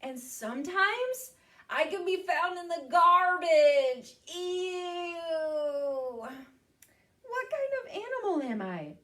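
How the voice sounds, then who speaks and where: A woman's voice: very high voice, sing-song, slow, sharp tone, distant mic, voice pushed up, full character voice. A woman voicing a raccoon with a masked face and striped tail, playfully riddling. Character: masked garbage-digging raccoon.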